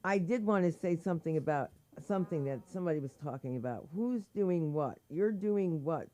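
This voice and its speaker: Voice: medium pitch, expressive, fairly quick, dark tone. A comedy teacher giving frank, practical feedback to performers in casual chat after their sets. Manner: frank, advising, anecdotal.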